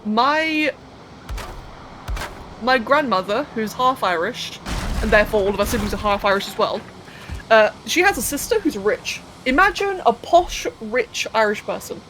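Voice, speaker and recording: A woman's voice: fairly high pitch, expressive, normal speed, a bit bright, a little hiss or hum, poor audio. A young woman live-streaming a game, thinking aloud as she builds, counting under her breath and chatting to viewers with casual swearing. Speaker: livestreamer.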